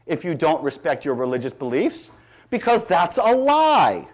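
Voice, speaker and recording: Man, middle-aged, high-pitched, emphatic speech, sarcastic edge. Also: very animated, a little slow. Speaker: speaker. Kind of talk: public speech.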